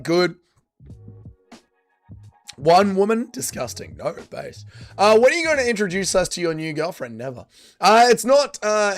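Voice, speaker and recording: Lively man hosting a livestream. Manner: swings between loud bursts and low mumbles. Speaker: livestream host reading chat. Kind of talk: casual livestream chat.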